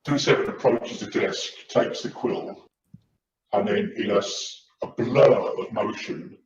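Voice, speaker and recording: A man's voice: fairly low pitch, measured pace, a little mellow, slight background noise. A man playing a tabletop game, describing his character's actions matter-of-factly. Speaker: player. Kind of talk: casual tabletop play. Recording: roomy, dull lo-fi audio.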